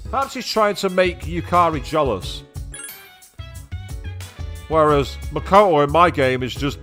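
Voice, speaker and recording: A man's voice: a little high, animated, unhurried, a bit bright. A chatty English man with a slightly raised voice, giving sarcastic commentary as he plays through a video game. He reads the game's text aloud as he goes, with faint game music playing behind him. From England. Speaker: let's play gamer.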